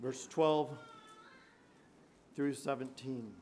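A man preaching a fervent sermon, reading scripture and swinging from quiet murmurs to shouted praise. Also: sits high, takes it slowly, long pauses. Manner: reads scripture in King James wording.

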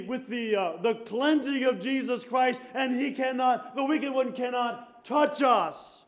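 A man preaching a fervent sermon, reading scripture and swinging from quiet murmurs to shouted praise. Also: very high-pitched, takes it slowly. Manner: reads scripture in King James wording.

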